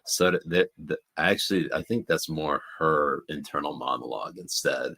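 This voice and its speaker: Man, co-host, deep voice, husky, rants and swears, casual political commentary. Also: moderate pace, sharp tone.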